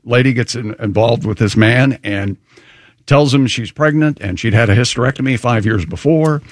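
A man's voice: medium pitch, moderate pace, no echo, studio quality. A man co-hosting a show, chiming in with quips during casual banter. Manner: wisecracking, chimes in with quips. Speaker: show co-host.

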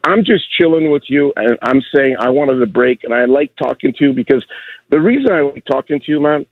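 A man in his sixties rambles earnestly as a caller to a radio show. His voice is husky, heard over a tinny phone line. The sound is dry, with no room around it. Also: mid-range voice, expressive, brisk, no room sound. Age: 60s. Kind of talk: call-in chat.

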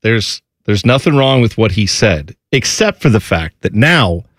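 A man's voice: fairly low pitch, sing-song, measured pace, a bit bright, no echo, clean studio sound. A man hosting a sports radio show, chatting casually in a rambling, jokey way.

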